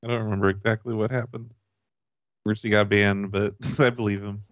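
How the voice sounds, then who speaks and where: A man making deadpan prank calls and chatting casually, halting with fillers as he talks. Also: lowish voice. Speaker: prank-calling co-host. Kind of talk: prank call and casual chat. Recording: dull dry sound.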